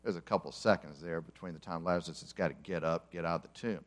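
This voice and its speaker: A man's voice: low-pitched, fast, few pauses. A male pastor giving a conversational sermon to a congregation, telling the story with humor and acting out the characters. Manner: animated storyteller, acts out quotes with humor. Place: church service before a congregation.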